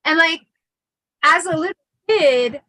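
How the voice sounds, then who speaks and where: A woman hosting a casual storytelling livestream, chatty and animated with lots of fillers. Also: very high voice, a little slow, dry recording, poor audio. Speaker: host.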